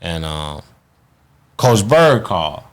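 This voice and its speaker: A man's voice: deep voice, slow. A man, a guest telling a long story in casual, profane talk, acting out what others said. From Chicago, USA. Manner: animated, profane, acts out quotes in others' voices. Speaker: guest, former boxing champion.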